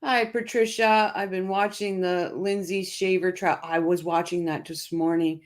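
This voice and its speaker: A woman's voice: lowish voice, steady tone, unhurried. A chatty middle-aged woman hosts a casual livestream. She reads out viewer comments and talks them over, often stopping and restarting her sentences. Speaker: livestream host.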